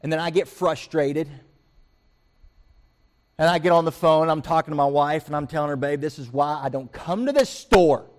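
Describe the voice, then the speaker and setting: A man preaches from the pulpit, his voice sitting a little high for a man. He tells everyday stories with animation, dropping low and quiet for asides and jumping up loud when he acts out his own frustration. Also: normal speed. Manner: animated storytelling, acts out quoted voices and rants. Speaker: pastor. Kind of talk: sermon.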